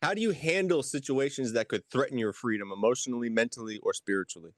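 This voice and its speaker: A man's voice: mid-range voice, fast, dry recording, clean studio sound. A man co-hosting a recovery podcast, bantering in a teasing, exasperated way. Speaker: podcast co-host. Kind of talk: casual recovery podcast chat.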